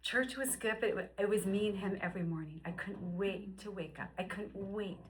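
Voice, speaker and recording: A woman in her fifties telling a personal faith testimony in an emotional, animated storytelling way. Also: mid-range voice, fairly quick, slight background noise, low-quality recording. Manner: emotional, animated storyteller who acts out quotes. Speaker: guest sharing her story.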